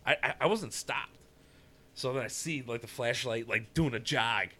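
A man telling a story in casual chat, profane and animated, often laughing. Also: medium pitch, normal speed.

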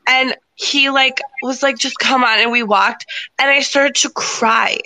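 A woman on a casual livestream, eager to tell her own story, though she starts with fillers and false starts. Her voice is bright and sits a little high. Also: steady tone, measured pace, poor audio.

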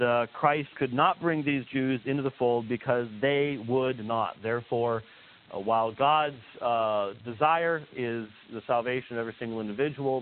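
Tinny lo-fi recording of a male lecturer. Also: medium pitch. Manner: emphatic, frequent filler hesitations, repeats key points. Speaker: theology lecturer. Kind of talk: teaching lecture. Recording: tinny lo-fi recording with faint hiss.

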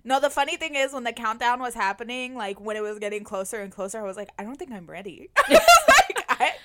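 A woman's voice: fairly high pitch, quick pace, a bit bright. A woman co-hosting a casual chat, gushing effusively as a fan. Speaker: podcast co-host.

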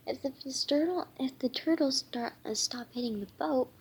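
A woman's voice: high-pitched, moderate pace, slightly rough, full character voice. A woman voicing a practical young girl fairy at the sail ropes, reading with stops and restarts. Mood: urgent.

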